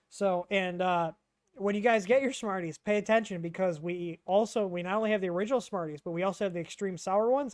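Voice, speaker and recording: A man's voice: high voice, no room sound, studio quality. A man hosting a casual livestream Q&A, rambling and chatty, reading out chat questions with lots of ums.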